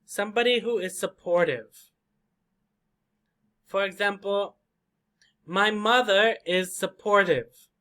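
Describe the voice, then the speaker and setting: A man teaching an English vocabulary lesson, slowly repeating and drilling each word for learners. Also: high-pitched, sharp tone. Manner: slow, repetitive drilling of words.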